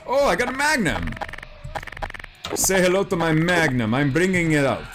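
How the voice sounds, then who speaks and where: A man doing let's play commentary on a horror game, jumpy and excitable, piling up repeated exclamations. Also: fairly high pitch, normal speed, over music. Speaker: gameplay commentator.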